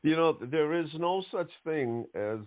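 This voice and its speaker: A male podcast host, a bit congested from allergies, telling stories in a relaxed, rambling way full of fillers. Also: on the high side, unhurried. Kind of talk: casual chat. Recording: tinny phone-like line.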